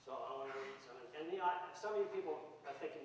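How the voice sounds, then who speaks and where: Fast, sarcastic man in an echoey hall. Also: medium pitch, recorded from a distance. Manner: sarcastic deadpan joking. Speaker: university English teacher. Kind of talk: humorous award acceptance speech. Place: large hall with an audience. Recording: echoey hall recorded from afar with noise.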